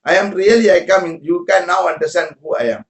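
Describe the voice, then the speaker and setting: A creaky, high voice with fairly even intonation moves fairly quickly as this spiritual teacher speaks informally to followers. He talks in broken English, repeats words, and asks his audience questions, and the room echoes.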